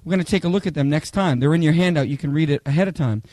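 A man preaching a Bible study, telling humorous personal stories in a chatty, animated way, often checking in with "okay?". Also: a little high, rapid-fire, no room sound. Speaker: pastor teaching a Bible study.

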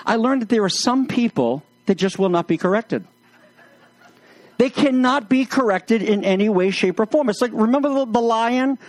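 A man's voice: sits high, dry recording. A man preaching a sermon, mixing jokes and anecdotes into his teaching. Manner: humorous, anecdotal storytelling. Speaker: pastor.

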